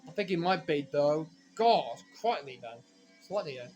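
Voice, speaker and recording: A man giving rambling, self-correcting commentary while playing a racing game, now and then breaking into frustrated shouts. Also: fairly high pitch, expressive, moderate pace, dull audio, faint music behind. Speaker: gaming commentator. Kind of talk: casual let's-play commentary.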